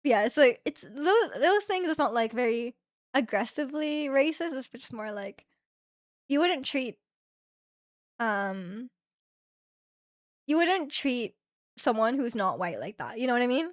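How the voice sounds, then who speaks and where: Chatty young woman streamer, high voice. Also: big pitch swings, a little slow, pauses often, no echo, clean studio sound. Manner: rambling, many fillers, acts out quoted people. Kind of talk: casual chat with live chat.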